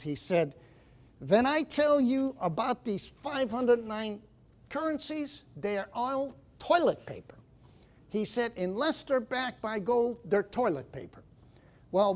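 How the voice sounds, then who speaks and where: An older man, an investment manager, giving an emphatic lecture to an audience, folksy and repeating his key points. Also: sits high.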